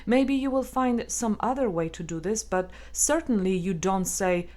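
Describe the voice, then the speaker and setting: A woman narrating a self-help text in a calm, measured and gently instructive way. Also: medium pitch. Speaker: audiobook narrator.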